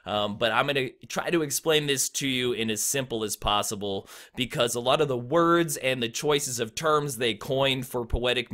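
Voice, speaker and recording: A man's voice: medium pitch, pushed and bright. A young man teaching rap flow in a laid-back, blunt way, with frequent ums. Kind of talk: casual explainer video.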